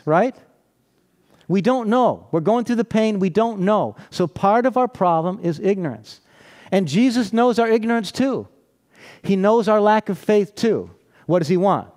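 Conversational preacher, higher-pitched man. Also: darkish tone. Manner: conversational storytelling, frequent rhetorical questions, laughs often. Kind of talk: sermon.

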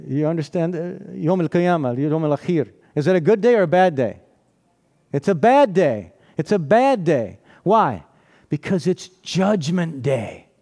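A man's voice: on the high side, very animated, measured pace, darkish tone. A man preaching a sermon in a conversational, storytelling way, often asking rhetorical questions and laughing.

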